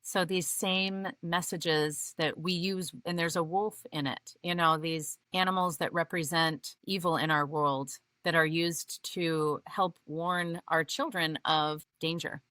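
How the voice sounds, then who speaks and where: A woman's voice: sits low, fairly even intonation, unhurried, few pauses, pushed and bright, no echo. A middle-aged woman co-hosting a podcast, talking earnestly and reading book passages aloud. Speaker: podcast co-host. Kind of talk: casual podcast conversation with read-aloud passages.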